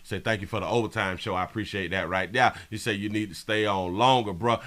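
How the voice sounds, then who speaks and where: A man hosting a live stream, reading viewer comments in a brash, profane way that swings from mumbling to yelling. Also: fairly low pitch, fairly even intonation, brisk, hardly any pauses. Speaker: live show host.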